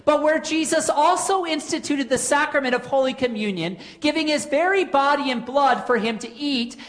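A woman preaching a sermon in an earnest way, posing rhetorical questions with dramatic pauses. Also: sits high.

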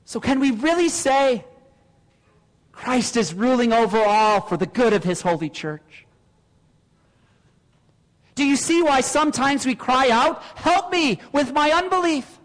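A man's voice: extremely high pitch, lively intonation, a little slow, pauses often, big-room sound, rough recording. A man preaching a sermon as pastor, earnest and full of rhetorical questions.

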